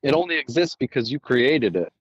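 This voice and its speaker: A man's voice: mid-range voice, big pitch swings, fairly quick, breathy edge, no echo. Storytelling male podcast host, dull dry sound. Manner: storytelling, acts out quoted dialogue. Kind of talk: casual conversation.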